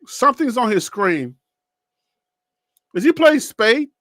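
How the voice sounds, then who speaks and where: A man with a very high, bright, forceful voice reacts live to a football game and talks straight to his viewers. His talk is animated and rambling, and it is recorded dry and close. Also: slow, no echo. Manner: shouting and cheering with joy; emotional, near tears, thanking God. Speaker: live stream sports reaction host.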